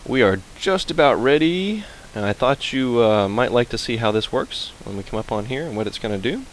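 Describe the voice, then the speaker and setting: A man's voice: mid-range voice, expressive, moderate pace, a little hiss or hum, rough recording. A man giving casual, chatty commentary while playing a game, playful and prone to humming and repeating fillers. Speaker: let's play host.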